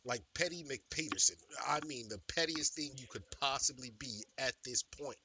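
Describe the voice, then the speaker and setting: A male streamer telling a story in a casual, animated and profane way, with lots of emphasis. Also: mid-range voice, moderate pace, noisy background.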